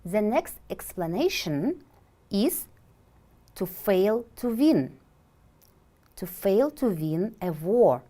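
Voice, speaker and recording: A woman teaching an English vocabulary lesson for television, pronouncing every word slowly and deliberately. Her pitch rises and falls lively as she asks questions and then answers them herself. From Kyrgyzstan. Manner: slow, deliberate, clearly enunciated.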